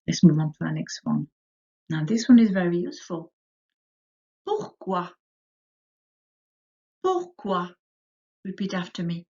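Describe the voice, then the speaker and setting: A woman teaching a French lesson to young children, saying words slowly for them to repeat, her pitch rising on each French word. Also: very animated, mellow. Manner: slow, drilling words for repetition, rising on French words. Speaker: primary school French teacher. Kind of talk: recorded remote lesson for children. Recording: dull lo-fi audio.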